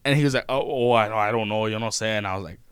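A young man tells a story in a loud, profane, animated way. His voice is smooth and clear. It sounds close and dry, with no room around it. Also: on the low side, rapid-fire, dry recording. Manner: profane, animated retelling of customer-service run-ins. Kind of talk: casual storytelling chat.

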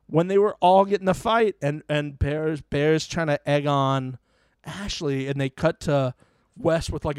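A man's voice: on the high side, dry recording, studio quality. A man co-hosting a podcast, chatting casually about a reality show and acting out what people said. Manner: animated storyteller who acts out quotes and mimics fake laughter. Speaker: podcast co-host.

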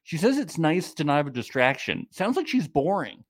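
A man co-hosting a podcast in casual chat, animated, exasperated and profane. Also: fairly high pitch, moderate pace, no echo, studio quality. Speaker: podcast co-host.

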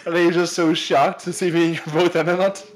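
A man's voice: on the high side, little pitch movement, moderate pace. A young man co-hosting a podcast, chatting casually with a friend, laughing and swearing. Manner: laughing banter, swearing, local slang. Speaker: podcast co-host. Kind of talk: casual chat.

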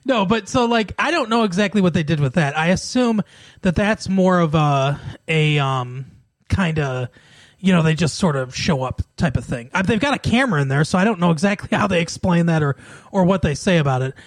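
A man with a fairly high voice talks through a casual podcast conversation, retelling scenes and laughing often. The sound is dry and close, with no room around it. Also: lively intonation, brisk, no echo. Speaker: podcast co-host. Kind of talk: casual chat.

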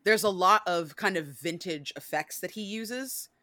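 A woman's voice: fairly low pitch, a little slow, bright, forceful tone, no echo, studio quality. A woman hosting a podcast, chatting casually and animatedly, swearing freely and acting out movie lines. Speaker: podcast host.

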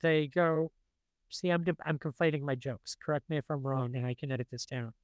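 High, smooth-voiced man in his forties. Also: fairly quick, dry recording, lo-fi sound. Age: 40s. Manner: animated, quotes cartoon lines in funny voices. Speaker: podcast co-host. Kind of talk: casual chat.

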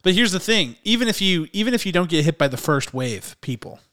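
A man's voice: high voice, sing-song, fairly quick, a bit bright, clean tone. A man hosting a movie podcast in casual chat, rambling with lots of fillers. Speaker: podcast host.

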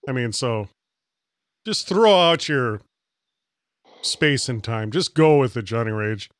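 A man hosting a podcast, chatting in a deadpan, teasing way. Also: medium pitch, takes it slowly, dry recording, studio quality. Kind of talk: casual podcast chat.

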